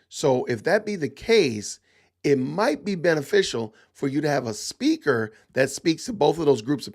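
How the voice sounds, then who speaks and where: Podcast host, man, middle-aged, gravelly and animated, emphatic rhetorical commentary. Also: fairly high pitch. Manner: emphatic, rhetorical questions, repeats himself. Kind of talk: opinionated livestream commentary.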